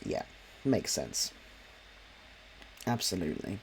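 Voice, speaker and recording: A man's voice: sits low, sing-song, takes it slowly, creaky, slight background noise. A young man casually chatting while he draws on a livestream, reading out viewers' comments with plenty of ums. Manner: rambling, friendly, full of ums and restarts. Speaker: livestream host and artist.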